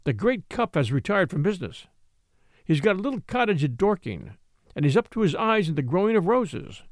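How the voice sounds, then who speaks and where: A man's voice: high-pitched, big pitch swings, a little fast, no room sound, clean studio sound. A man voicing an elderly male house steward who is stubborn, fussy and loyal, in an audiobook reading. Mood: earnest warning. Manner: obstinate, fussy and respectful.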